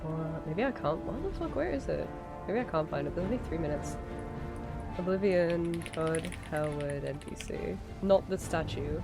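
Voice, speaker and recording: A woman's voice: low-pitched, expressive, normal speed, over music. A sick woman streamer with a strained throat, chatting casually while watching videos, rambling and giggling a lot. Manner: giggly, rambling, easily amused. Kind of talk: casual live-stream chat.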